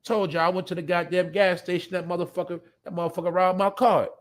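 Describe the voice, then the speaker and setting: A man's voice: high voice, little pitch movement, fast talker. A man hosting a live show, ranting bluntly and profanely in a rambling way, often laughing. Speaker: podcast host. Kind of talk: casual live-stream rant.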